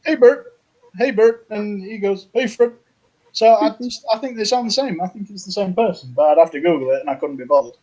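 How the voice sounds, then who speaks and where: A man appearing as a comedy panel guest, telling a story in a halting, offhand way. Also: high-pitched, warm tone, poor audio. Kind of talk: casual comedy chat.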